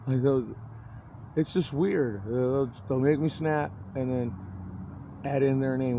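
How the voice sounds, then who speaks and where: A man's voice: medium pitch, a little slow, gravelly, warm tone, a little hiss or hum. Agitated, swearing middle-aged man rambling. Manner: rambling and agitated, with frequent restarts; profane, swears heavily. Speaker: vlogger. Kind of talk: rambling personal monologue.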